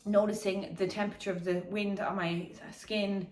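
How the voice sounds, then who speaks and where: A woman in a casual, reflective talk about slowing down, speaking loosely with swearing and laughter while out on a morning walk. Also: mid-range voice, little pitch movement, a little mellow, echoey room, recorded from a distance, a little hiss or hum. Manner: meandering, chatty, swears casually, laughs often. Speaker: wellness vlogger.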